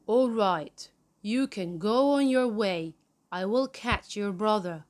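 A woman voicing a greedy, bad-tempered male troll who growls loud threats in a children's story. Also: medium pitch, slow pace, lightly acted. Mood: grudging.

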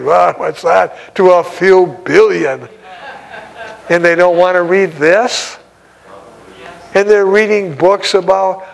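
Male evangelist, older, high voice, gravelly fry, exclamatory informal sermon. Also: low-quality recording. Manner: exclamatory, breaks into laughs and shouts of praise. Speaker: evangelist preacher.

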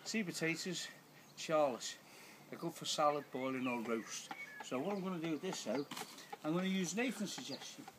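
A man's voice: on the high side, normal speed, hardly any pauses, noisy background. An older man casually talking through his gardening work in an outdoor garden, rambling with plain words and many restarts. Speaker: home gardener. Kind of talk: casual narration while gardening. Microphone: camera held by someone filming. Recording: loud outdoor ambience with birds. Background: birdsong.

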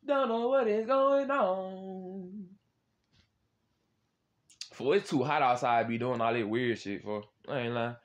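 A young man casually chatting with strangers on a video chat app, swearing and loudly reacting. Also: sits high, takes it slowly, long pauses. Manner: slangy, swears often, loud exclaiming reactions and laughs.

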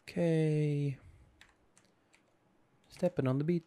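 A gaming channel host plays through a casual let's-play, rambling goofily, cracking jokes to himself, and sounding sleepy as he yawns. His voice is medium in pitch and a bit slow, recorded with no echo.

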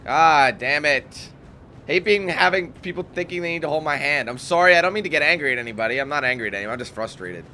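A man's voice: on the high side, animated, quick pace, sharp tone, slight background noise. A young man casually commentating a game, chatty and swearing when frustrated. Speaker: gameplay commentator. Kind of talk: casual let's play commentary.

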